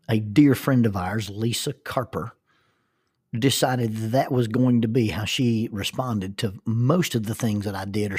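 Husky-voiced man telling rambling stories. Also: fairly low pitch, a little mellow. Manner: rambling, self-deprecating, frequent restarts. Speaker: storyteller. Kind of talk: personal storytelling monologue.

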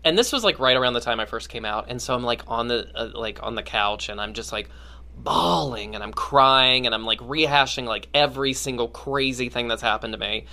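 A young man on a podcast, chatting casually and telling stories with big pitch swings. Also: brisk, pushed and bright. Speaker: podcast co-host. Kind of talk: casual chat.

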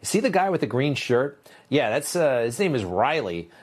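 A man's voice: medium pitch, sing-song, normal speed, slightly rough. A man hosting political commentary, sarcastic and dismissive in his opinions.

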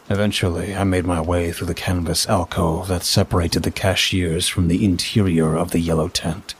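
Man, very deep voice, husky, measured first-person narration. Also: steady tone.

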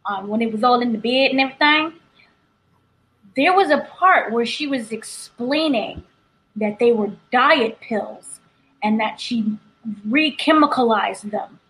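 A woman's voice: fairly high pitch, lively intonation, measured pace, fairly bright tone, poor audio. A woman co-hosting a casual TV recap chat, giving blunt, opinionated takes. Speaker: podcast co-host.

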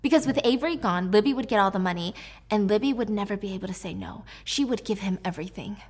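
A woman's voice: mid-range voice, expressive, fast. Chatty young woman recapping a story. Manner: chatty, filler-heavy, slangy asides. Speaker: book recap creator.

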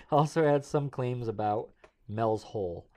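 A man's voice: mid-range voice, takes it slowly, warm tone. A man co-hosting a podcast, telling a strange story in casual chat and laughing often. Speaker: podcast co-host.

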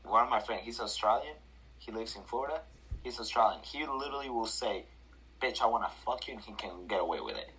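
A young male caller on a live stream jokes and banters crudely. His voice sits somewhat low, and he talks in a casual, chatty way. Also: sing-song, fast talker, pushed and bright, low-quality recording. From Los Angeles area.

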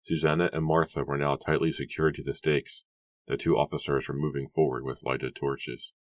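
A man's voice: rumbling low, flat delivery, moderate pace, no echo. A man narrating an audiobook with an intense, emotional delivery. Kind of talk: dramatic audiobook reading.

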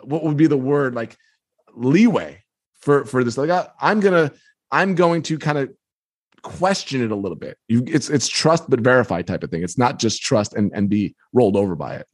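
A man in his fifties, from the New York area, telling a personal story with lively delivery as an interview guest. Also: medium pitch, normal speed, dry recording, clean studio sound. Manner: lively, acts out quotes in the story. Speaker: guest author. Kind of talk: anecdotal storytelling.

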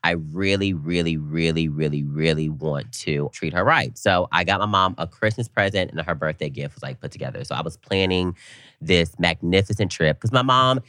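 A young man co-hosting a podcast, telling a story in animated casual chat and quoting people in big voices. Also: deep voice, normal speed, dry recording, clean studio sound. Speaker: podcast co-host.

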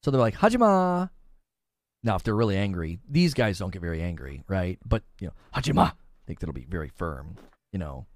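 A man's voice: low-pitched, fast, darkish tone, dry recording, clean studio sound. A man hosting a live stream, chatting casually and reading out viewer comments with frequent laughs. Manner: chatty, laughs often, reads chat aloud. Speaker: streamer host.

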